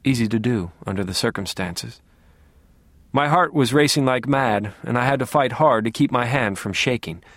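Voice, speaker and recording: A man narrating an audiobook in a calm, wry, low-key way, sometimes sinking to a near whisper. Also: normal speed, no echo.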